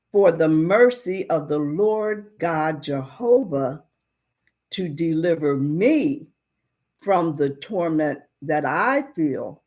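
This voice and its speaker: A dying old judge, played by a woman, confesses in a storybook retelling. He speaks low and very slowly, each word weighty and solemn. The voice drops and grows heavy. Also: full character voice.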